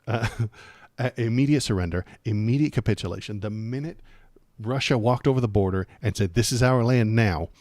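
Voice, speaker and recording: A man's voice: on the low side, normal speed, a little mellow, dry recording. A man hosting a political livestream, talking casually with a sarcastic, rambling, jokey manner.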